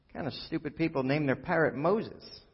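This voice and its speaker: A man's voice: fairly high pitch, brisk, slightly rough. A man doing a jumpy burglar in a joke. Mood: startled. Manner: startled, incredulous questions. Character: nervous male burglar caught mid-theft. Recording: echoey hall, dull sound.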